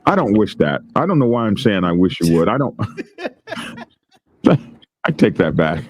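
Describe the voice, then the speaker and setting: A man's voice: deep voice, big pitch swings, moderate pace, a little mellow. A male show host, reading news stories aloud and riffing on them with frequent laughter. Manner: laughs often, reads news aloud and riffs on it. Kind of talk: casual news commentary.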